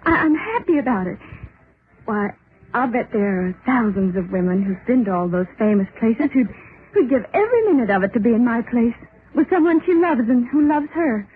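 An actress playing a giddy, tender young bride with a breathless, emotional delivery, in 1930s radio acting style. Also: female voice, on the high side, big pitch swings, normal speed, a little hiss or hum. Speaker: young newlywed wife. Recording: tinny old radio recording with music.

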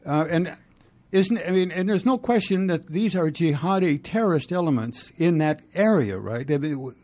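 A man's voice: on the high side, lively intonation, moderate pace, a little mellow. A man hosting an interview, asking long questions that he restarts and rambles through. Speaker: host.

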